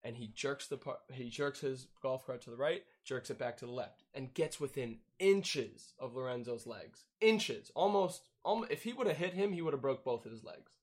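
A man's voice: medium pitch, animated, normal speed, hardly any pauses, a little mellow. A young man casually telling a profane, laughing story on a podcast. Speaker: podcast host.

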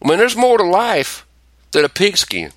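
Animated, profane man ranting on a podcast. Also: sits high, normal speed, dry recording. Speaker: podcast host. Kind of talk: casual chat.

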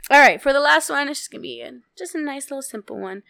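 A woman's voice: sits high, expressive, fast, creaky, sharp tone, dry recording, clean studio sound. A woman co-hosting a podcast in casual joking chat, teasing and giggly, swearing casually. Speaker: podcast co-host.

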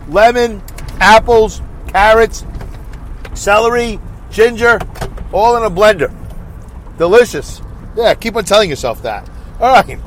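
A man hosting a casual solo podcast from his car, reading listener comments in a high, nasal, self-mocking, chatty way. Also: a little hiss or hum. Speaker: podcast host.

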